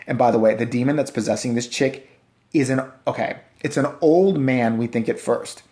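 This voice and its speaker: A man's voice: medium pitch, moderate pace, mellow. Sarcastic, profane male movie reviewer. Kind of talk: casual ranting movie review. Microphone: handheld camera.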